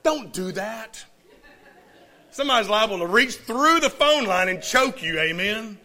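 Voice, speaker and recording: A man with a notably high voice delivers a sermon. He tells stories in a lively way and keeps calling out to the congregation for a response. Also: unhurried. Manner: lively storytelling with call-outs to the congregation. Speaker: pastor.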